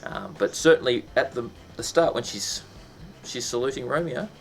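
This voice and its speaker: A man's voice: mid-range voice, lively intonation, normal speed, creaky. A man teaching a casual lesson, chatty and full of ums and restarts, breaking into sound effects.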